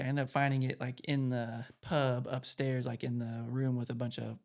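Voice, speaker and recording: A man's voice: medium pitch, flat delivery, normal speed, darkish tone. A man co-hosting a podcast, rambling loosely and conversationally through a recap of a video game. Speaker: podcast co-host.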